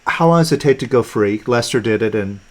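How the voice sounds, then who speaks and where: A man hosting a live online teaching session, talking in a relaxed, conversational way with fillers and restarts. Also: mid-range voice, brisk. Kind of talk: casual teaching talk on a video call. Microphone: video call.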